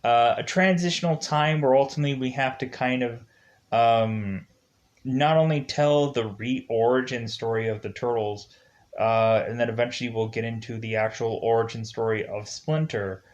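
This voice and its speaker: A man's voice: mid-range voice, moderate pace, highs cut off. A man giving a casual spoken movie review, retelling the plot in a rambling way with many fillers and restarts. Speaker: film reviewer.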